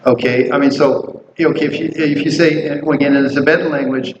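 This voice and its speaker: A man's voice: fairly high pitch, steady tone, a little fast. Man teaching a buddhism class, rambling storyteller, roomy sound, dull faint-hiss recording. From Canada. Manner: rambling, storytelling, many restarts and fillers. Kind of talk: casual dharma class teaching.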